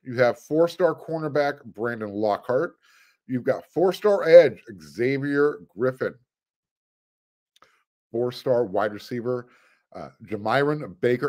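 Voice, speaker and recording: A man's voice: mid-range voice, a little mellow. A man hosting a sports podcast, talking casually with fillers, restarts and dry sarcastic asides. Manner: chatty, with fillers and frequent restarts. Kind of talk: casual commentary.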